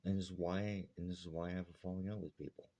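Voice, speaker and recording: Gravelly, very deep-voiced man ranting. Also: little pitch movement, fast, dark tone. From Alberta, Canada. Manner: blunt, profane, heated. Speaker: vlogger. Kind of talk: angry rant to camera.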